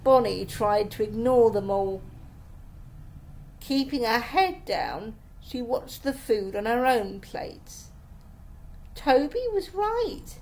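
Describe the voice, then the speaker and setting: A mother reading a children's chapter book aloud to her children, with slow, expressive storytelling. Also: fairly high pitch, a little hiss or hum.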